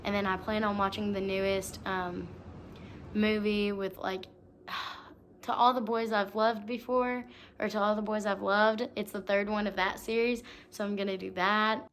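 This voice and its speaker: A woman's voice: medium pitch, flat delivery, a little slow, a bit bright, slight background noise. A young woman in her twenties vlogging in a chatty, giggly way, with lots of "like" and "um". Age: 20s. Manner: chatty and giggly, many fillers like "like" and "um". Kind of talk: casual vlog chat.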